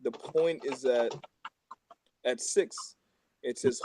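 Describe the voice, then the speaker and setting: A man in a casual religious discussion who reads scripture aloud, starting in a halting way with many ums before moving on to his own comments. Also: medium pitch. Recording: noisy recording with clicks.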